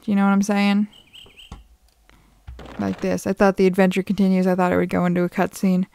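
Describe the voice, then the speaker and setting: A woman's voice: mid-range voice, completely flat delivery, fairly quick, creaky, dark tone, smooth. A young woman giving casual, jokey gameplay commentary, chatty and sprinkled with swearing. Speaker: let's play streamer.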